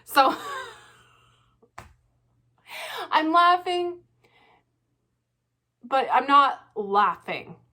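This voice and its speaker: A woman vlogging her casual reaction commentary, animated and laughing often, with frequent swearing. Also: high-pitched, extremely slow, pauses often.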